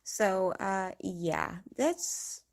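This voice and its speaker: A woman's voice: medium pitch, sing-song, extremely slow, gravelly. A woman vlogger ranting casually to camera, blunt and profane, rambling and laughing often.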